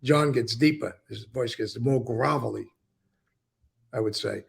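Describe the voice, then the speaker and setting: A man as an interview guest, recounting and explaining events with emphatic, animated storytelling. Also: mid-range voice, unhurried, vocal fry, slightly rough.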